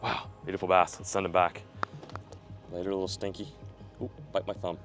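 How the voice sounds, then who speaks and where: Low-pitched man, casual outdoor fishing vlog, excitable, riverbank, faint background music. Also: normal speed. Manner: excitable, bursts into loud yelling when fish appear. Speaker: fishing video host. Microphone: camera mic, filmed by a camera operator.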